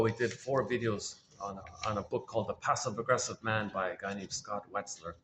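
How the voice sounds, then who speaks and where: A man's voice: fairly low pitch, fairly bright tone, slight background noise. A man hosting his own channel, talking through ideas in a casual, musing way, often restarting phrases and briefly acting out the people he describes. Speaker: host of a quotes channel. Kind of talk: casual spoken commentary.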